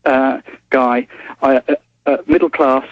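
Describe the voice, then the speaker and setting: A man's voice: medium pitch, level tone, slow pace, dry recording. Stammering Englishman on a phone line. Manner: hesitant, polite, stammering restarts. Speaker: journalist calling in as guest. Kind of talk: phone-in interview. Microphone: telephone.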